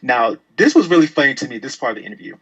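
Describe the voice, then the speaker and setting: A man co-hosting a wrestling podcast, talking casually with a sassy, profane, animated manner. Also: mid-range voice, very fast, gravelly, breathy edge. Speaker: podcast co-host. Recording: dull lo-fi sound.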